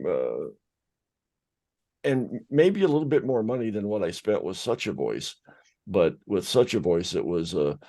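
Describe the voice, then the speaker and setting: A man's voice: lowish voice, sing-song, measured pace, warm tone. A man co-hosting a casual group chat about voiceover work, telling stories in a rambling way with many fillers. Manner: rambling, filler-heavy storytelling. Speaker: podcast co-host, voice actor.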